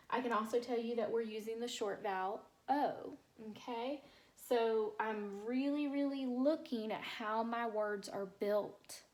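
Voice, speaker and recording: A woman teacher, slowly sounding out word parts in a phonics lesson for young children and praising them. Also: fairly high pitch. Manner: slow, clear sounding-out of word parts, encouraging.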